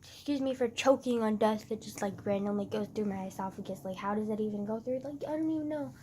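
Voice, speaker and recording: A woman's voice: mid-range voice, fast talker, a little mellow, slight background noise. A young woman rambling in a casual vlog, self-mocking and swearing often, with lots of fillers. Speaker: vlogger.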